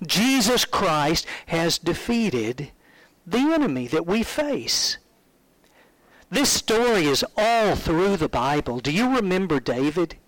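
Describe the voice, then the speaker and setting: A male preacher giving a sermon in an animated, conversational storytelling way, asking his listeners questions. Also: high-pitched, dry recording, rough recording.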